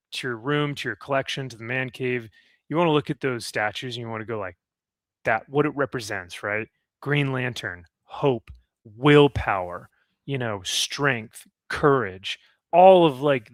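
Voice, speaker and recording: A man's voice: medium pitch, no room sound, clean studio sound. A man hosting a casual comic chat, rambling and upbeat, laughing often. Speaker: comic podcast host.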